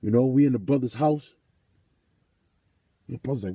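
A man's voice: medium pitch, normal speed, dark tone, husky, dry recording. A man telling a story in a casual vlog and turning it into a sermon, cursing often and repeating phrases for emphasis. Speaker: vlogger.

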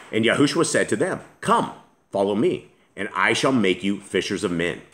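A man's voice: on the low side, a bit bright. A man reading scripture aloud and commenting on it as a Bible teacher, earnest and emphatic, often restarting his sentences.

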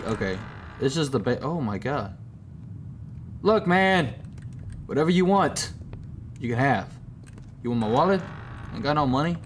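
A man narrates his horror game run in loose, slangy banter, shouting and swearing whenever something jumps out. His voice is slightly high and swoops all over. A faint hum of keyboard clicks sits behind him. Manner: reactive, jumpy, swears and yells at scares. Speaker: gaming channel host. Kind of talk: horror game let's play commentary.

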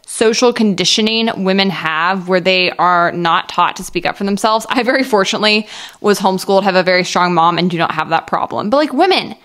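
A young woman hosting a reaction video, giving blunt, opinionated commentary in a lively way. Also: medium pitch.

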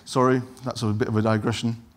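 A man's voice: medium pitch, level tone, fast. A middle-aged man preaching a sermon in an easy, conversational way, wandering into asides and apologizing for them. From England. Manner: conversational, digresses and apologizes, acts out quoted lines.

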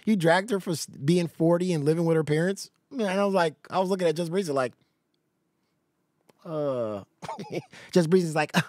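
A man hosting a live stream, telling gossip in a casual, animated way and laughing often. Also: a little high, normal speed, pauses often, dry recording, studio quality. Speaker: live-stream reaction host.

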